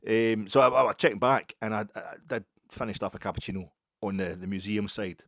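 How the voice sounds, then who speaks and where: A man's voice: fairly low pitch, steady tone, fairly quick, vocal fry, fairly bright tone, dry recording. A Scottish man hosting a podcast, telling a rambling, self-mocking anecdote with plenty of swearing. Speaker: podcast host. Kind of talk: casual anecdote storytelling.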